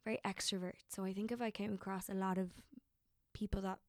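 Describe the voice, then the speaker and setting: Young woman, actor, gravelly voice; emotional, rambling interview talk, dry sound. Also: mid-range voice, flat delivery, quick pace, dry recording. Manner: emotional, rambling, many fillers and restarts. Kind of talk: casual interview chat.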